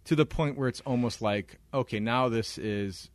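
A young man co-hosting a podcast, telling a story in casual chat, animated and laughing often. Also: medium pitch, normal speed. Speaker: podcast co-host.

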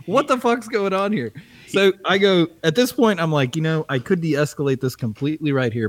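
Lively, profane man telling a story. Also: a little high, normal speed. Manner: animated, profane, laughing often. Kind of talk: casual storytelling chat.

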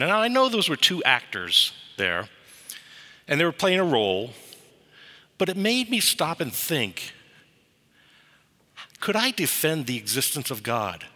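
A man delivers a sermon with a vivid, storytelling manner. His voice is very bright and lively in its rise and fall, and it rings with long reverb in what sounds like a church. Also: medium pitch. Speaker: preacher. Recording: reverberant hall.

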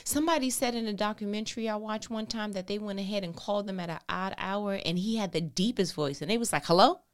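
A woman talking casually to camera in an animated, colloquial way, sometimes dropping into hushed asides. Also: mid-range voice, fast. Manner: colloquial and conversational. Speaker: vlogger.

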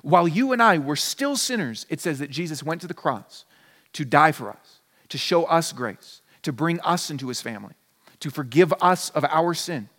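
In a church sanctuary, a pastor delivers a conversational sermon, now and then acting out short imagined dialogues. His voice is a little high and fairly bright, with lively intonation and a moderate pace, and a long hall reverb trails behind it.

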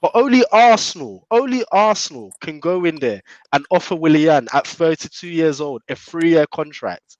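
A man's voice: on the high side, animated, normal speed, dry recording, dull audio. A man in a heated casual chat about his football club, scornful and often laughing. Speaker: football fan panelist.

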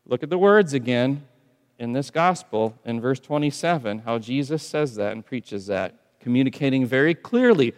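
A man preaching a sermon in a conversational way, often dropping to soft, intense tones. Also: medium pitch. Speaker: pastor. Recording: long church reverb.

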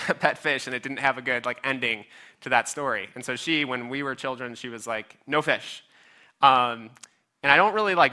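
Bright-voiced, casual male pastor. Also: mid-range voice. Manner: casual, conversational, with filler words and self-deprecating humor. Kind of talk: sermon.

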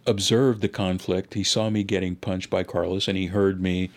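A man's voice: sits low, steady tone, moderate pace. A man being interviewed as a linguist, recounting a childhood story in a reflective, conversational way with many "you know" asides.

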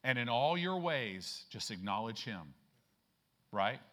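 A man preaching a sermon as a church pastor, folksy and emphatic, often checking in with "right?" and slowing down and growing louder to stress scripture. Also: sing-song. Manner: slows and rises in pitch and volume to stress scripture.

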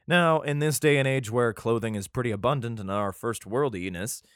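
A man's voice: mid-range voice, normal speed, fairly bright tone, clean tone, dry recording, studio quality. A man reading archaic scripture aloud, stumbling over words and breaking off into irreverent, swearing, joking commentary. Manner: stumbles and restarts while reading archaic text.

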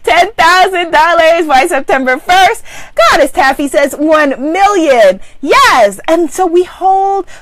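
A woman's voice: very high voice, lively intonation, slow, a bit bright, dry recording. A woman leading a live online abundance coaching session, exuberantly affirming and reading out viewers' comments. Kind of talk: live-streamed motivational coaching.

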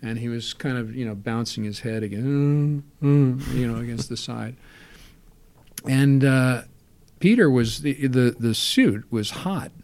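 A man recalling past film work in relaxed, rambling storytelling, full of fillers and restarts. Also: medium pitch, a little slow, dry recording. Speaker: interview guest.

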